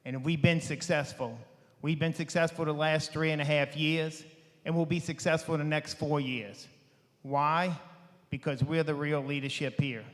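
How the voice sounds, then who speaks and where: A man gives his closing pitch at a candidates forum. His voice sits a bit high and he drives home short, rousing slogans. The sound rings with the long reverb of an auditorium. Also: fairly even intonation, normal speed. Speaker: candidate for parish president. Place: school auditorium.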